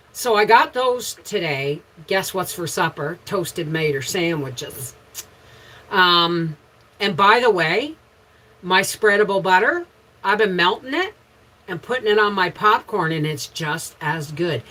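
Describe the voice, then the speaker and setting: An unhurried middle-aged woman with a Canadian accent chats live from her home. She rambles warmly through stories of her day and breaks off to greet viewers by name. Her pitch sits at an ordinary middle height, and she never rushes. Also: animated, poor audio. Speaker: homesteading livestream host. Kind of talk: casual live chat with viewers.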